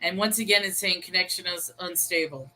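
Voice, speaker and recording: Bright-voiced chatty woman on a call. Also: on the low side, a little fast, a little hiss or hum, low-quality recording. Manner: chatty, storytelling, laughs easily. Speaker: co-host. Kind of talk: casual chat. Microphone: video call.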